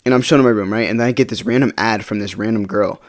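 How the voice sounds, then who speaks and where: Fast-talking teenage guy telling a story. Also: on the low side. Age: teens. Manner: rambling, swears freely, frequent restarts. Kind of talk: casual storytime monologue.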